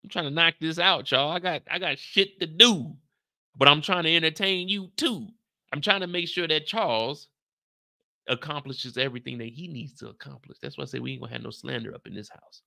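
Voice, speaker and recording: A man's voice: a little high, a little fast, vocal fry, bright, forceful tone, no room sound, studio quality. A man with an American accent recapping a TV episode in casual, slangy chat, reading out viewer questions and reacting playfully. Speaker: show recap host.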